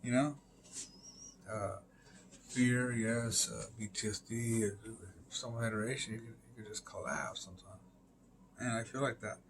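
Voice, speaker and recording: A man's voice: on the low side, a little slow, pauses often, background noise. A man rambling through a casual monologue on a live stream, full of fillers, swearing and emphatic interjections.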